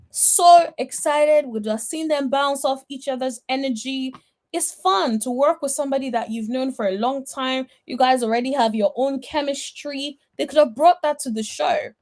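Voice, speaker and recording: A woman giving blunt, sassy reaction commentary on a reality TV episode, talking straight at the cast members. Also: sits high. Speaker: reality TV recap vlogger.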